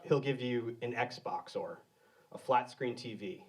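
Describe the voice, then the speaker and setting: A man doing deadpan absurdist stand-up on a live comedy stage, with slow, odd setups that build into a repeated call-and-response chant. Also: mid-range voice.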